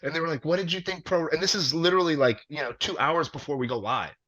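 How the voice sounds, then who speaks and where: A man, a wrestler, telling a long story in casual conversation, animated and profane with plenty of fillers. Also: fairly high pitch, quick pace. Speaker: wrestler guest. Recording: dull lo-fi audio.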